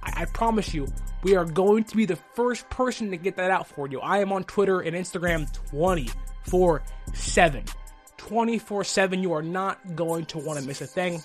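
A man's voice: high voice, moderate pace, faint music behind. A man hosting a solo sports podcast with a sick voice, talking with confidence and repeating his points for emphasis.

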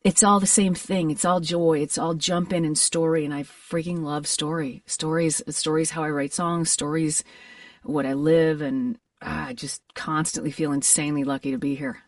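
Low-voiced woman, earnest and animated. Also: dry recording, far from the mic. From Alabama. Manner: earnest, animated, quick bursts of enthusiasm. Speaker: voice actor guest. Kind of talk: reflective interview chat. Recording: voice a bit away from the mic, dry.

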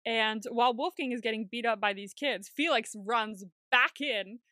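A woman co-hosting a casual TV recap podcast, chatty and quick to swear and laugh. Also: a little high, bright, forceful tone, dry recording, clean studio sound. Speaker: podcast co-host.

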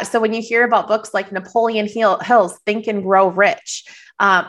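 A woman's voice: mid-range voice, fairly bright tone. Minnesota woman on a podcast, slight cold, earnest encouraging advice, lots of little restarts. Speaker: podcast guest. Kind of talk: casual interview answers.

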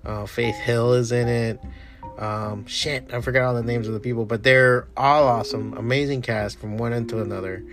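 A man chatting casually and enthusiastically about shows and comics, swearing often and trailing off into quieter mumbles. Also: mid-range voice, steady tone, moderate pace, music in the background. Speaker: comic artist streamer. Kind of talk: casual rambling chat.

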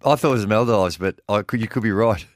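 A man co-hosting a sports talk radio show, wry and animated when telling stories. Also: on the low side, fast, no echo, clean studio sound. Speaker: radio co-host. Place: radio studio.

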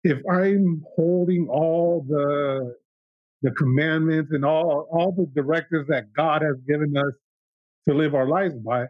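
A man's voice: fairly high pitch, steady tone, unhurried, no room sound. A man in his thirties, a podcast guest, telling a candid personal story in an earnest, reflective way, often restarting his sentences. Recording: dull lo-fi sound.

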